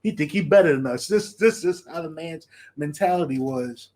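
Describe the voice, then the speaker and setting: A man hosting a podcast, chatting casually in an animated way, laughing often and repeating his phrases. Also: a little high, moderate pace. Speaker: podcast host. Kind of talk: casual solo commentary.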